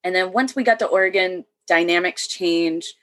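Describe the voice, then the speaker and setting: A woman's voice: on the low side, moderate pace, fairly bright tone. A woman in her thirties, a military veteran, talking as a guest in a casual chat and often laughing between sentences. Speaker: podcast guest.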